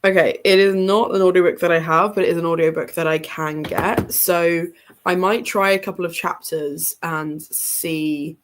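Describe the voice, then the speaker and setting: A woman's voice: lowish voice, fairly even intonation, normal speed. Congested woman chatting casually. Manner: rambling, chatty, many ums and little laughs. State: congested, stuffy-nosed. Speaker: reading livestream host. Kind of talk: casual livestream chat. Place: home room with bookshelves behind her.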